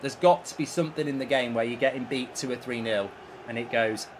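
Reading chat messages aloud as he plays a football game, a man swears and vents about his play in live commentary. He talks fairly quickly at medium pitch, with a slight hiss or hum in the recording.

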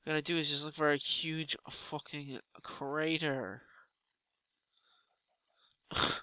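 A young man giving loud, exasperated Let's Play commentary with swearing outbursts. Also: fairly high pitch, flat delivery, slow pace, clear, resonant tone, dry recording. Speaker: gaming YouTuber.

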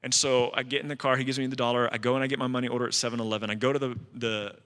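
A man's voice: medium pitch, level tone, very fast, fairly bright tone, big-room sound. A man preaching a sermon as a pastor, telling a personal story in a conversational way with asides to the congregation. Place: church sanctuary.

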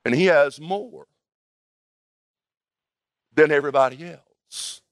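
A man preaching a sermon as pastor in a church, emphatic and building toward shouting. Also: fairly high pitch, slow, no echo, studio quality.

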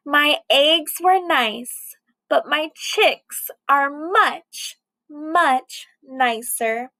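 A woman's voice: high voice, extremely slow, sharp tone, exaggerated voice, poor audio. A woman voicing a storybook mother hen who cries out in squealing, tearful tones. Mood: contented. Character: anxious then proud mother hen.

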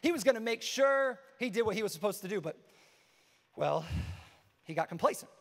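High-voiced preacher in a reverberant hall. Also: male voice, fast talker. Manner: energetic, repeats phrases for emphasis. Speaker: pastor. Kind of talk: sermon.

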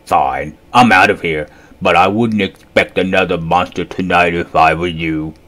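A man voicing a big, scruffy boy monster who slurps and whines his lines slowly. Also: deep voice, fairly bright tone. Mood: grumbling. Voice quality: slurping, whiny.

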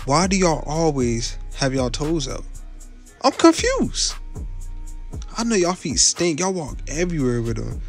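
A young man giving casual, joking reaction commentary as a YouTuber, talking bluntly in slang and dropping tags like "you feel me" all through. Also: on the high side. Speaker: YouTuber rating viewers' avatars.

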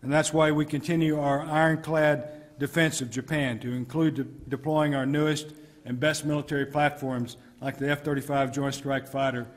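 Middle-aged American military commander, formal address, deliberate emphasis, reverberant hall. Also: male voice, fairly high pitch, level tone. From United States. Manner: measured, emphatic delivery with deliberate pauses. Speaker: military commander giving a speech. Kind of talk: formal prepared speech. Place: ambassador's residence reception hall.

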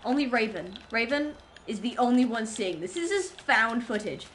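A woman's voice: fairly high pitch, expressive, normal speed, fairly bright tone, a little hiss or hum, rough recording. Giggly rambling woman streamer. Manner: rambling, giggly, self-mocking. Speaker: livestreamer. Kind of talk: casual chat with stream chat while gaming.

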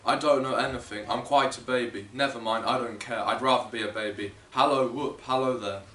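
A man's voice: mid-range voice, fairly even intonation, fairly quick, bright, forceful tone, slight background noise, natural voice. A young man reading the lines of a giddy, reformed old miser, recorded echoey and distant. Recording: echoey room, distant mic, faint ambience.

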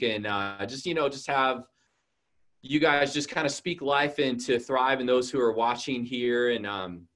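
A man's voice: medium pitch, unhurried, a bit bright. A man hosting a church event interview, speaking earnestly with many fillers. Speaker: church host. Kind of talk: hosted interview.

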